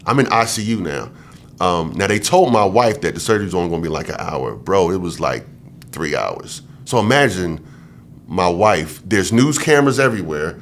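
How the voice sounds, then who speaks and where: Brief: podcast guest, male, lowish voice, lively slangy storyteller who acts out the quotes. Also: normal speed, a little hiss or hum. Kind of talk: casual storytelling in an interview.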